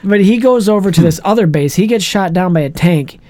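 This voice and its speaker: A man's voice: high-pitched, expressive, fairly quick, darkish tone, dry recording. A young man co-hosting a casual movie chat, enthusiastic and fond of acting out scenes.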